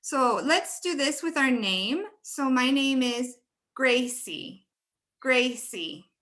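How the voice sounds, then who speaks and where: Bright-voiced woman teaching pronunciation. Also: fairly high pitch, lively intonation. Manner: slow, careful modeling of words. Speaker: teacher trainer. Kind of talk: webinar teaching.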